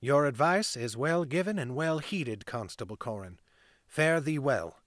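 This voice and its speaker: A guarded young woman traveler, choosing each reply carefully and earnestly, as a man reads her out. The voice is an ordinary male pitch, only slightly lifted, and recorded dry and close. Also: lively intonation, a bit bright, no room sound. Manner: careful, earnest, measured replies.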